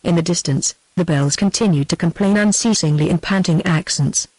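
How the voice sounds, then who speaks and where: A synthetic woman's voice with a British accent reading a novel aloud at a steady, even pace. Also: on the low side, fairly quick, dry recording, poor audio. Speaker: audiobook narrator. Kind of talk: text-to-speech novel reading.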